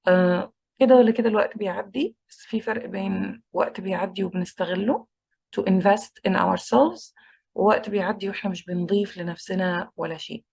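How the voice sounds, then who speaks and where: A woman with an Egyptian accent teaching an English class, slowly repeating words to drill pronunciation. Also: mid-range voice, gravelly, darkish tone, slightly rough. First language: Egyptian Arabic. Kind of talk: online English lesson.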